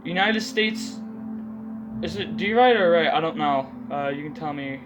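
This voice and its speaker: A man's voice: on the high side, moderate pace, poor audio. Young man mumbling through history facts. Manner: stumbling, self-correcting, often mutters asides. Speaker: video creator. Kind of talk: casual unscripted commentary reading facts. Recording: music playing loud under the voice.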